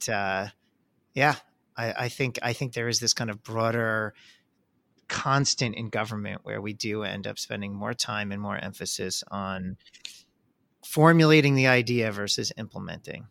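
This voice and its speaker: Male podcast co-host, gravelly and bright-toned, animated delivery with restarts. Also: lowish voice, a little slow. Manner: animated, many restarts, lively emphasis. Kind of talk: casual conversational podcast.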